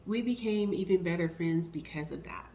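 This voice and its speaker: A woman vlogging about encouragement and faith, telling personal stories and getting animated when she quotes herself. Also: fairly low pitch, moderate pace, a little hiss or hum, rough recording. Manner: warm storytelling, animated when quoting herself.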